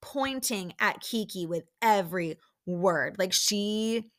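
Young woman, podcast host, chatty recap, crisp bright tone, middle pitch. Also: animated, slow. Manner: chatty, many "like" fillers, acts out quotes. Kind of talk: casual storytelling recap.

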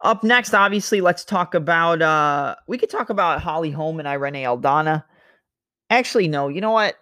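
A man with a fairly high voice talks through fight analysis as a show host, loose and chatty, with the occasional burst of sound effects for punches. The sound is dry and close, with no room echo. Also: expressive, normal speed, bright, forceful tone, clean tone. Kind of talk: casual fight breakdown monologue.

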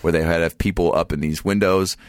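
A man from Seattle with a very deep voice, chatting as a podcast guest. He tells animated stories, swears freely and jumps into high put-on voices. The sound is dry and close, with no room around it. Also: fairly quick, dry recording. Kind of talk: casual podcast chat.

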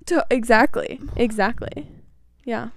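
A woman's voice: on the high side, a little slow, vocal fry, no echo. A young woman co-hosting a podcast in casual chat, chatty and laughing often. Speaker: podcast co-host.

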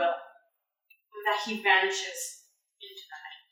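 A woman's voice: fairly high pitch, fairly even intonation, normal speed, fairly bright tone. Woman GM, loose filler-heavy narration, far from the mic in a reverberant room. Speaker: game master. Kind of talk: narrating a tabletop game.

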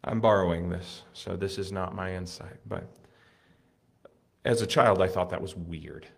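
A man preaching a sermon in an earnest way, building to excited emphasis and then dropping soft. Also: deep voice, measured pace, vocal fry.

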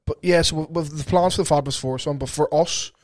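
A man co-hosting a podcast, talking in a rambling, animated way and swearing casually. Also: fairly high pitch, fast talker, no room sound. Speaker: podcast co-host. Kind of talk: casual chat. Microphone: podcast mic.

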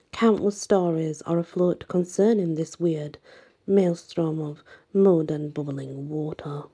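Woman storyteller for a folk legend: low, slow, husky, whispery and dramatic. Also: warm tone. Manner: dramatic, often sinking to a breathy whisper. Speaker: narrator. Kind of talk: reading a folk legend aloud.

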